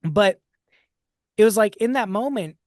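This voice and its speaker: An animated, high-pitched man speaks a little slowly in a dry, studio-quality recording. Hosting a podcast, he tells reflective stories in a casual way and often begins his sentences again.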